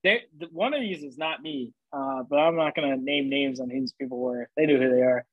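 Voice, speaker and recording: A man's voice: medium pitch, fairly quick, no echo, phone-quality sound. A young man casually telling funny travel stories, swearing freely and laughing as he goes. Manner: animated, profane, laughing storyteller. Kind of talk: casual storytelling chat.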